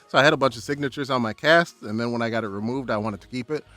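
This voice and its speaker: A man's voice: medium pitch, racing, no room sound. A young man vlogging casually, telling a story with lots of laughs and acted-out reactions. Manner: animated, laughing, acts out his own shouts.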